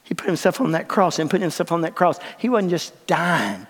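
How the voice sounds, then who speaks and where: An older man preaching a sermon in a church, swinging from hushed lines to shouts. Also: on the high side, very animated, a little fast, husky. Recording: long reverb of a large hall.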